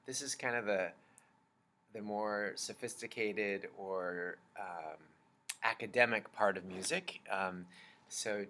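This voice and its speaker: A man teaching a children's music lesson, explaining slowly and patiently and chanting rhythm syllables. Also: on the low side, fairly bright tone.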